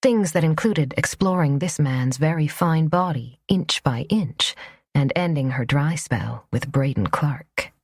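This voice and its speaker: A woman narrating a romance audiobook in a soft, even storytelling voice. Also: deep voice, measured pace, slightly rough, no room sound, studio quality.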